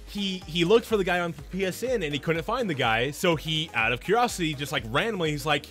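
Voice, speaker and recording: A man chats casually while he streams a game. His fairly high, bright voice swoops up and down as he rambles. He stops and restarts his sentences often as he tells stories. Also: fairly quick, soft background music. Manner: rambling, animated storytelling with many restarts. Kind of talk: casual chat while gaming.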